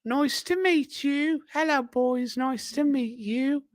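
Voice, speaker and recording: A man voicing shy young British women from a comic strip in a slow, simpering falsetto. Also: dry recording, studio quality. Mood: coy.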